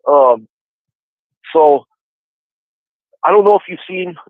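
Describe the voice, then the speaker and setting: A slightly high-voiced man in his forties talks slowly but with animation as he calls in to a podcast from prison. He tells his story in a relaxed, casual way, filled with "you know." The handset audio is tinny, with no room sound.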